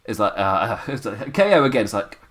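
A man's voice: fairly low pitch, big pitch swings, fairly quick, a bit bright. A young man, his voice worn down and a little tired, recapping wrestling in a rambling, chuckling solo podcast chat full of fillers. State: voice worn down, sipping tea.

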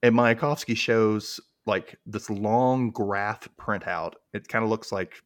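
A man's voice: on the low side, steady tone, takes it slowly. A man co-hosting a podcast, casually recapping a TV episode and acting out the characters' lines in put-on voices. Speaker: podcast co-host.

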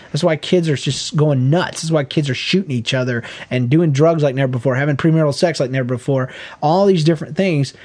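A middle-aged man co-hosting a podcast, giving earnest, folksy parenting advice in casual chat. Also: fairly high pitch. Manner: earnest, folksy, animated when acting out quotes. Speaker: podcast co-host.

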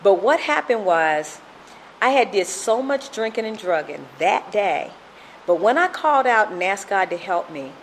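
A woman's voice: medium pitch, sing-song, unhurried, a little hiss or hum, poor audio. A middle-aged woman sharing a personal recovery testimony in an earnest storytelling manner, acting out the voices she quotes.

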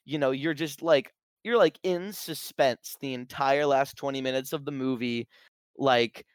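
A man's voice: medium pitch, measured pace, clear, resonant tone, dry recording. A man in casual conversation, animatedly retelling movie scenes and acting out bits of the dialogue. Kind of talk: casual film discussion.

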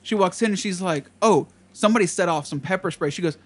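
Telling friends a rambling party story, a young man with a strikingly high, slightly rough voice talks quickly and laughs all the way through. He's loose and profane in casual chat, repeatedly acting out the other people in the story.

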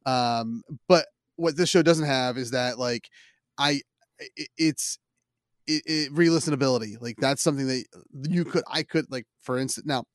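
A man's voice: medium pitch, moderate pace, dry recording, studio quality. Rambling man with a Philadelphia accent. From Philadelphia area. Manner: rambling, self-deprecating, many restarts. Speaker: podcast host. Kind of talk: casual podcast chat.

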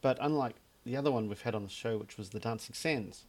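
A man's voice: medium pitch, fast talker. A man co-hosting a casual podcast about gin, talking in a dry, joking way with plenty of fillers. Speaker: podcast co-host. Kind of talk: casual chat.

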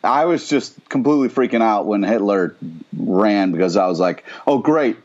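A man with a low voice and a dull, lo-fi sound, talking bluntly and swearing freely. He pushes strong opinions as he recaps a TV episode with a co-host. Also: lively intonation, moderate pace, a little mellow. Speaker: podcast co-host. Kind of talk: casual TV recap chat.

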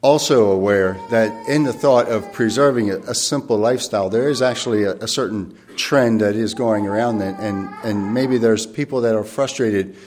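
A man preaching a sermon in a thoughtful, earnest way, pausing and rephrasing as he goes, and reading scripture aloud slowly and formally. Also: lowish voice, darkish tone.

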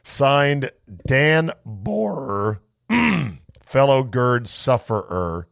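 A man's voice: medium pitch, very animated, very slow, gravelly, pauses often, fairly bright tone, no echo, clean studio sound. A man hosting a podcast in a casual solo chat, reading a listener's email with sarcastic, rambling, profane asides, his voice a bit off. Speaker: podcast host.

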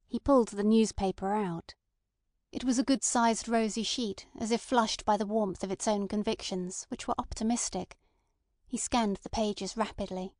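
Brief: female narrator, even literary delivery, mid pitch, dry close mic. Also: no echo. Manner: measured literary reading. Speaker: audiobook narrator. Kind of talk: scripted narration.

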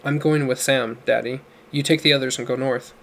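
A man's voice: medium pitch, fairly even intonation, fairly quick, creaky, fairly bright tone. A man doing a steadfast, earnest young woman. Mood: firm.

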